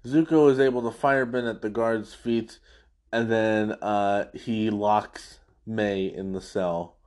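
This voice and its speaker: A man's voice: lowish voice, fairly even intonation, slow pace, darkish tone. A man hosting a casual after-show, recapping an episode as an enthusiastic fan who rambles through the plot. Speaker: podcast host.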